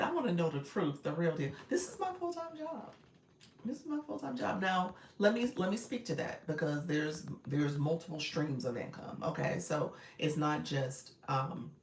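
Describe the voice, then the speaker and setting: A woman's voice: low voice, slight background noise. A woman, coaching casually on a live stream, reading viewer comments, laughing often and calling her audience y'all. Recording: roomy echo, a bit far from the mic.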